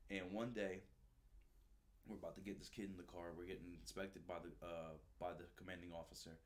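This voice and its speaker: A man telling stories from his time as a recruiter in a relaxed, animated way, peppered with slang and swearing. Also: low-pitched, a little fast. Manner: animated, swears freely, says "dude" and "bro" often. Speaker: guest, former Marine recruiter. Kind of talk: casual storytelling.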